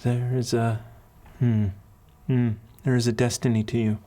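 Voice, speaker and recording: A man voicing a stern but kindly woman mentor who speaks with an accent, in a calm, measured, soothing way. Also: mid-range voice, natural voice. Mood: persuasive.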